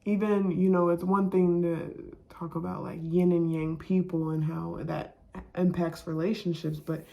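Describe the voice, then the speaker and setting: Woman, card reader; slow, gravelly, halting delivery. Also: lowish voice, little pitch movement, dull audio. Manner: soft, halting, many fillers. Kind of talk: reflective spiritual monologue.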